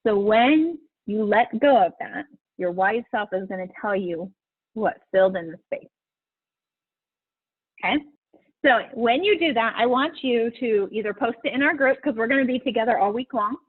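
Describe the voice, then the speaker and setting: Laughing often, a middle-aged coach talks encouragingly to her group during a casual live stream. Her slightly high voice is husky, with lively intonation at a normal speed, heard over a tinny phone-like line with no echo.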